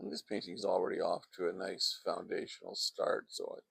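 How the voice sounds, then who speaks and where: A man's voice: sits low, flat delivery, fairly quick, vocal fry, hardly any pauses, fairly bright tone, breathy edge, no room sound. A man giving a casual painting demonstration outdoors in a backyard, chatting and wandering off into asides as he works, speaking into a close microphone. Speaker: painting instructor.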